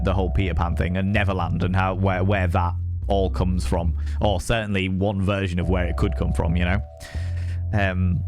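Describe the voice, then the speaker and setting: A man giving chatty, amused commentary while playing a story game. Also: on the low side. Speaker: streamer.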